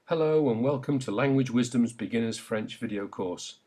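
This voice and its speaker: A man's voice: medium pitch, moderate pace, dark tone. A man narrating a beginner's language lesson, carefully enunciating and prompting the listener to repeat after him. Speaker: language teacher.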